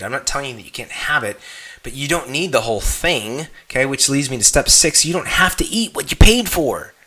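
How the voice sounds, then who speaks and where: A man teaching an online fitness lesson in a direct coaching manner, often checking in with "okay?" and jumping up in pitch on emphatic questions. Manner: animated, voice jumps up on emphatic questions.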